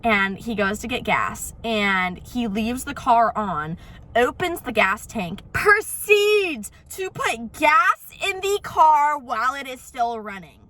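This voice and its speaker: A young woman vlogging casually into her phone, telling animated stories about her dad with lots of "literally" and "like". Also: a little high, takes it slowly. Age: young adult. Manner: animated, chatty storytelling with frequent "literally" and "like". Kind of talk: casual ranting vlog.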